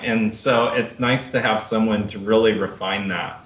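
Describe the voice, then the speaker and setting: A man's voice: lowish voice, steady tone, normal speed, hardly any pauses, fairly bright tone, echoey room. A male actor guest in a panel chat, talking earnestly about his work.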